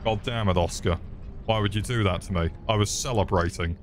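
A man narrates his gameplay with a low, easygoing voice, trading crude jokes and swear words with the enemies he fights. Faint background hum sits under his commentary. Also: brisk. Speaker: gaming video creator.

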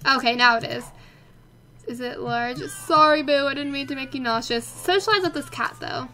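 A young woman with a high, bright voice gives casual, chatty game commentary. She gets excitable and talks straight to the characters on screen. A faint hiss sits under the recording. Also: normal speed. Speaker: let's play host.

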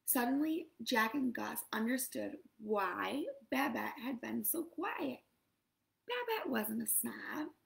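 A woman reading a storybook aloud to children, lively and expressive. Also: on the high side, takes it slowly, creaky, poor audio.

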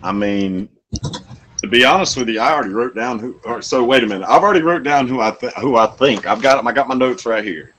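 Husky, rambling male show host. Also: medium pitch, fairly bright tone. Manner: rambling, halting, laughing often. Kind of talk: live-streamed show hosting.

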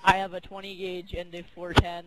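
A man with a very high voice who chats eagerly and rambles, then snaps out quick orders to his co-op partner. His talk is loose and excited. Loud game effects sit right under his voice. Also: heavy background noise. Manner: eager, rambling, gives orders during play. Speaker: co-op gaming partner. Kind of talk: casual let's-play chat.

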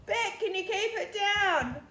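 A stern mum in a picture book who hands out firm orders, voiced by a woman reading aloud. The voice is high and commanding. It rings in an echoey room with faint ambience. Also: animated, takes it slowly, sharp tone, slight background noise, exaggerated voice.

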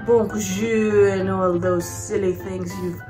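A woman's voice: mid-range voice, steady tone, slow, music in the background, voice pushed down, natural voice. A woman playing a haughty, blunt French woman who teaches the language, in a put-on French accent that keeps slipping into British. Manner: blunt, mock-arrogant, theatrical. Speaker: comedic host. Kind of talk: comedy sketch with makeup tutorial.

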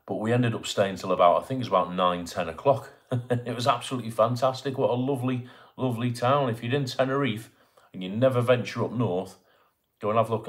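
Man, middle-aged, fairly low voice, live-stream host, chatty, greets viewers by name. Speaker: livestream host. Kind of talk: casual live-stream chat. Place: home in Bournemouth.

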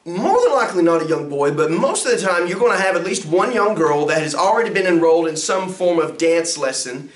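Man, pastor, high voice, lively swooping lecture, echoey room. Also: a little fast, hardly any pauses. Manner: animated, swooping up and down in pitch; acts out sounds and quotes with big pitch jumps. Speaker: pastor teaching a music ministry course. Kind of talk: classroom lecture. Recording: roomy echo.

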